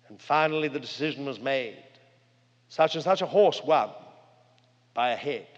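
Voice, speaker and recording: An older man preaching a sermon, earnest and dramatic, with big swings in pitch and loudness as he tells stories. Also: normal speed. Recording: long hall reverb, dull lo-fi sound.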